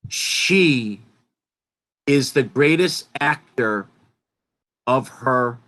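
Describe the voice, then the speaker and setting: Man, informal online lecture, slow delivery, rambling, emphatic, self-interrupting. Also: mid-range voice, expressive, a bit bright. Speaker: presenter.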